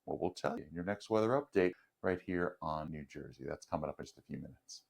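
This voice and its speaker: A man giving a TV weather forecast in a brisk, explanatory way. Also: extremely low pitch, creaky. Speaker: meteorologist.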